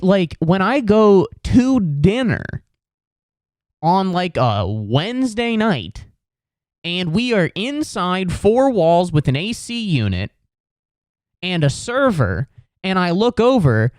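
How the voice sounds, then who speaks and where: Young guy ranting on his podcast, super lively pitch, slow drawn-out delivery, dry close sound. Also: no room sound. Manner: exasperated, sarcastic, swears a lot; jumps into put-on voices for quoted people. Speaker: podcast host. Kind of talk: comedic rant.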